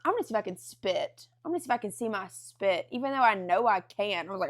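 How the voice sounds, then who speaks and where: A young woman with a Southern US accent, co-hosting a podcast in casual chat, telling stories with laughter and loud acted-out quotes. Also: medium pitch, fast talker. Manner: animated, laughing, acts out quotes loudly. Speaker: podcast co-host.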